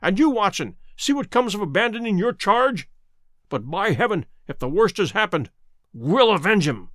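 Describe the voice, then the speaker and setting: A man voicing a grim, commanding male detective who speaks low and urgently, in an audiobook reading. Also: very animated, moderate pace, fairly bright tone, dry recording, clean studio sound. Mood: bitter.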